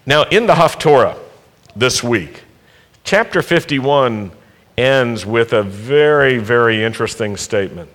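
A man preaching a sermon at a worship service, speaking emphatically, asking the congregation rhetorical questions and building to loud exhortations. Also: mid-range voice, animated, a little slow.

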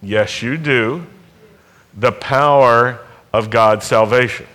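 Slow, bright-voiced male preacher. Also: mid-range voice. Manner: emphatic, building to loud exhortations; asks the congregation rhetorical questions. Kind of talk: sermon. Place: worship service.

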